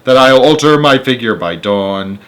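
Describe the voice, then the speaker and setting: Guy doing a cocky storybook centipede, chanting silly rhymes in a sing-song way, higher and louder. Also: expressive, normal speed, lightly acted. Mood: gleeful. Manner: sing-song rhyming delivery. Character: boastful male centipede singing comic verses.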